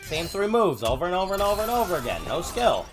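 A man streaming a fighting game, cursing at his opponent and calling out his button inputs in quick bursts. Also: sits high, sing-song, music in the background. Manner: profane, yelling at the opponent. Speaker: gamer streamer. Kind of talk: live gameplay commentary.

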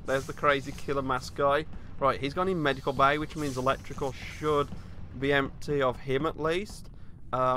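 A man's voice: on the high side, a bit bright, a little hiss or hum. A young man giving nervous, jumpy live commentary over a video game. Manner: jumpy and nervous, frequent panicked outbursts. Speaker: gaming YouTuber.

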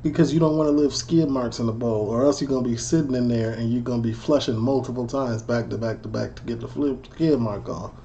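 A man's voice: medium pitch, fairly quick, hardly any pauses, dark tone, muffled recording, a little hiss or hum. A man from Chicago giving joking, slangy commentary as he reacts to video clips. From Chicago, USA. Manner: slangy, joking, laughs often.

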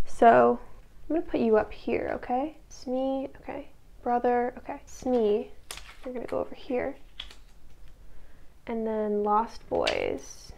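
Chatty young woman with a creaky voice. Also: fairly high pitch, steady tone, unhurried, a little mellow. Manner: chatty and sarcastic, joking asides to the viewer. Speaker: recap video host. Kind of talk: casual TV recap.

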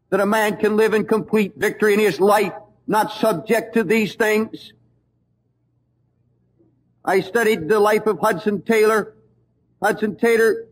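Fervent high-voiced male preacher. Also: poor audio. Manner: storytelling, fervent and emphatic. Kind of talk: sermon.

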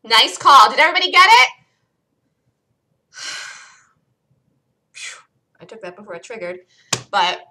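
A woman hosting a live day trading room, excitedly calling trades as they happen, her voice getting worn from talking loud. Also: fairly high pitch, takes it slowly, pauses often. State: losing her voice. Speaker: day trading show host.

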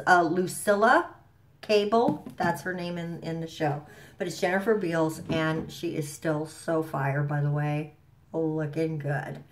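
A woman's voice: lowish voice, a bit bright. Chatty woman rambling through a show recap. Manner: chatty, rambling, enthusiastic, with frequent fillers and slang. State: stuffy from allergies. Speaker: vlogger.

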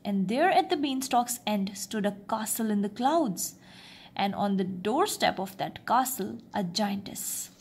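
A woman reading a children's fairy tale aloud in a soft, expressive, often half-whispered way. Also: medium pitch, unhurried, vocal fry, slightly rough. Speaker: storyteller. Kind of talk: storybook narration.

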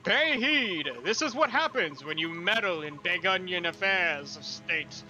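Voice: medium pitch, animated, measured pace, pushed and bright, faint music behind, rough recording. A player voicing a mocking, cruel imperial soldier commander, as a fan voice-over of game cutscenes. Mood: smug. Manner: sneering villain act, breaking into laughter.

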